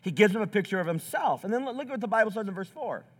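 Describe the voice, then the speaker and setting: A man preaching from the pulpit in a church, his voice sitting high for a man. It rises and falls in wide, animated swings as he acts out the scripture he quotes. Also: rapid-fire. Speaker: pastor. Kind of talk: sermon. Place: church sanctuary.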